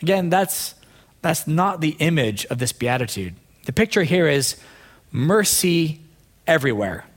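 A man delivers a sermon in a slightly higher-than-average voice. He talks earnestly and conversationally, letting his voice sink low and quiet for asides, then lifting it sharply to drive a point home. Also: big pitch swings, measured pace, slightly rough. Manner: conversational, earnest, swings between soft low asides and raised emphatic points. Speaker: pastor.

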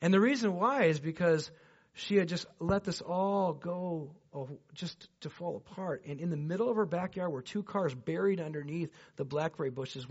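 A man preaching a sermon and telling a personal story, swinging between loud excited bursts and hushed, low passages, talking straight to the congregation. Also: breathy edge. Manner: chatty, addresses the congregation directly with asides. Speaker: pastor. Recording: dull lo-fi recording.

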